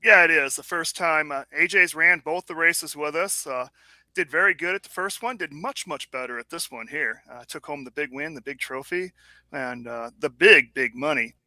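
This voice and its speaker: Series co-owner guest, man, very bright tense voice, dry. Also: on the high side, moderate pace, no room sound. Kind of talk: casual interview.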